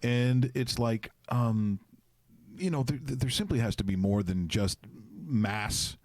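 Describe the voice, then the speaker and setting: A man's voice: medium pitch, slow pace, a little mellow, no room sound. A middle-aged man hosting a casual studio chat, rambling and jokey. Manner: rambling, jokey, slips into put-on voices. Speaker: show host.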